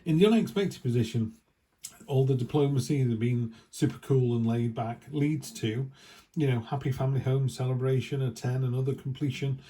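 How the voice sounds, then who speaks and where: Male tarot reader, mellow warm tone, rambling casual delivery with asides. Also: medium pitch, moderate pace. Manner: rambling, chatty, restarts and asides. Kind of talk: casual weekly tarot reading.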